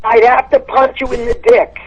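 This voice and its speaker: A woman's voice: fairly high pitch, flat delivery, normal speed. A woman comedian calling into a podcast, talking bluntly in a brash, insult-comic manner. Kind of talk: phone-in podcast chat. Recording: muffled phone line.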